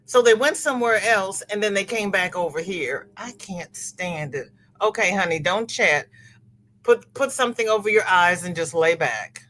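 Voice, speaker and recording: An older woman hosting a casual crochet live stream, chatting warmly with viewers by name and reading out their comments. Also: mid-range voice, expressive, normal speed. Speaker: crochet livestream host.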